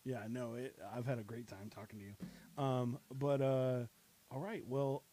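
A man's voice: medium pitch, fairly even intonation, a little slow, warm tone. A man hosting a podcast, freestyle rapping in a loose, rambling way and joking around with his guests. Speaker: podcast host. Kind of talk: freestyle rap then casual chat.

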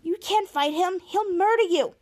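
A woman repeating the lines of a sensible teenage girl. She scolds and worries, and her voice sits high. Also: moderate pace, darkish tone. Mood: worried.

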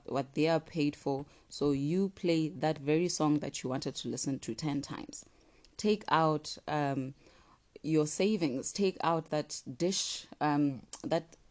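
A woman giving an earnest, encouraging motivational talk, sometimes dropping to soft asides. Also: low-pitched. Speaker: motivational speaker.

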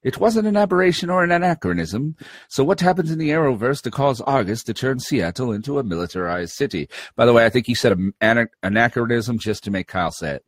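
Male podcast co-host, husky and animated, joking banter, dry close mic. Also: mid-range voice, fast, dry recording. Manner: jokey, laughing banter. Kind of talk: casual chat, reading listener mail.

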